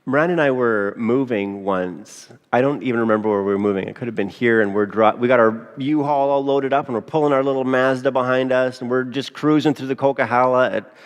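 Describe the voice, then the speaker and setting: A man's voice: medium pitch, steady tone, fairly quick, hardly any pauses. A man preaching a sermon as a pastor, in a conversational manner with frequent rhetorical asides to the congregation. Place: church sanctuary. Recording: long church reverb.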